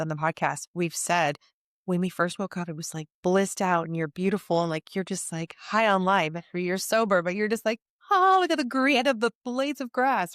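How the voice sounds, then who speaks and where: A woman's voice: on the low side, no echo, studio quality. A woman hosting a podcast, speaking earnestly and emotionally in a flowing, heartfelt way about spiritual growth.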